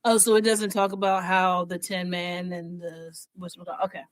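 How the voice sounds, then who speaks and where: Woman, podcast co-host, casual chat, animated and emotional, dry recording. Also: fairly low pitch, brisk, no room sound. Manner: animated, emotional, acts out quotes.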